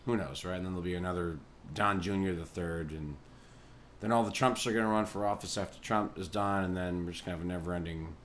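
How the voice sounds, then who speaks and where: Low-voiced man rambling profanely. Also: fast talker, fairly bright tone, slight background noise. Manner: profane, meandering, chuckling asides. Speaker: podcast host and musician. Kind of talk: rambling comedic monologue.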